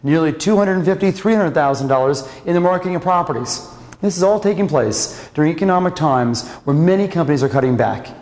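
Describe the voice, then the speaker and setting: A man's voice: on the high side, expressive, quick pace, a little mellow, big-room sound. A man presenting a company marketing program in an enthusiastic, promotional way. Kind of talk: scripted corporate presentation.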